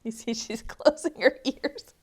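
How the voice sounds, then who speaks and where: A young adult woman who teaches preschool reads a picture book aloud to small children. Her voice is fairly high and unhurried, and her delivery is animated and expressive.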